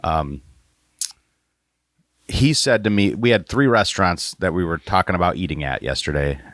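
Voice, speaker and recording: Low-voiced man in loose podcast banter. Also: animated, moderate pace, fairly bright tone, no echo, studio quality. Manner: loose, joking, trails off and restarts.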